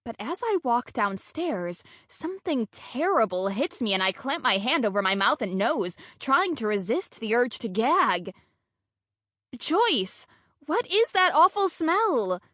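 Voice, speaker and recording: A woman narrating a first-person romantic comedy audiobook in a lively, comic, self-deprecating way. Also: medium pitch, dry recording, studio quality.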